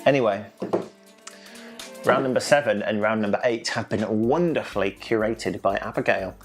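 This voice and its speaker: Young scouse guy running a home quiz, messing about, mangles the painter names, bit of music low in the back. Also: moderate pace. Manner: playful, jokey, stumbling over foreign names. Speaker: quiz host. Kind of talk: hosting an online quiz from home.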